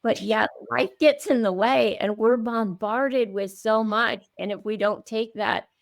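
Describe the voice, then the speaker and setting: A woman's voice: on the high side, measured pace, vocal fry, no room sound, clean studio sound. A woman hosting a podcast, reflecting in casual chat and agreeing with her guest. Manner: affirming, reflective. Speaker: podcast host.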